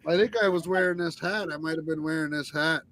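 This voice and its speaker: A guest musician tells stories in a loose, rambling way, swearing often, restarting lines, and tacking "eh" onto them. His voice runs high and fairly bright, and he talks fast.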